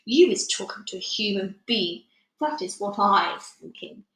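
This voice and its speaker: Bullying greedy giant, put on by a woman reader, booming and slow, roomy sound. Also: animated, a bit bright. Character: huge brutish male giant, bullying and greedy.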